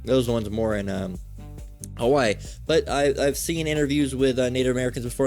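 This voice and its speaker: A man's voice: medium pitch, animated, a little fast, faint music behind. A man giving a fiery religious lesson, swearing often and checking in with "all right?" after nearly every point. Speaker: religious teacher. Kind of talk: street preaching lesson.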